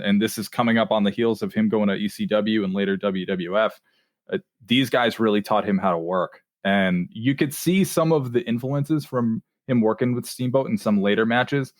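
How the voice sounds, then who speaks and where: A man co-hosting a podcast, telling stories in a relaxed, chatty way with fillers. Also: lowish voice, dry recording, clean studio sound. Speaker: podcast co-host. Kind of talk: casual chat.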